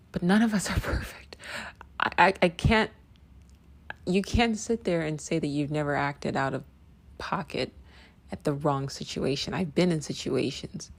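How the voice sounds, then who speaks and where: Blunt, low-voiced woman podcaster with gravelly edges. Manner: emphatic, repeats phrases, asks "right?" often; blunt, swears freely. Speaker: podcast host. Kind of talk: casual opinion monologue.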